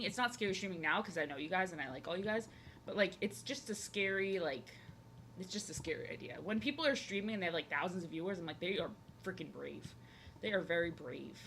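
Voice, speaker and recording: A woman streams herself drawing and chats casually with viewers, addressing the chat in a rambling, filler-heavy way full of "like." She has a medium-pitched, pushed, bright voice, with slight background noise.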